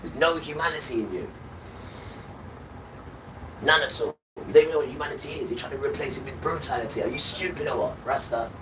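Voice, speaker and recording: Brief: male livestreamer, preachy and scolding, hurls insults on repeat, mid-pitched voice, mic set well back with heavy background noise. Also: a little fast, pauses often, far from the mic. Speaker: livestream host. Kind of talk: ranting sermon-like monologue.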